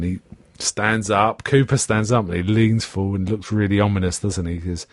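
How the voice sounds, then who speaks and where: A man's voice: a little fast, no room sound, studio quality. A man recapping a TV episode in casual chat, acting out the characters' lines as he goes. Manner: animated retelling, pitching up for quoted characters. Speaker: podcast host.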